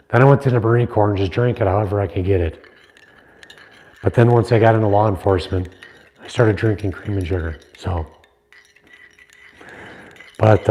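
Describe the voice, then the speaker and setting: Relaxed rambling middle-aged man. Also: on the low side. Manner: rambling, teasing, chatty. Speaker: livestream host, knife maker. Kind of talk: casual live chat with viewers.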